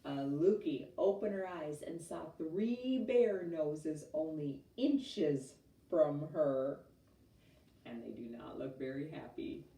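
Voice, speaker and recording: A woman teacher reading a storybook aloud to a class, expressive and chatty, adding asides to her listeners. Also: low-pitched, takes it slowly, creaky. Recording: roomy, mic at a distance.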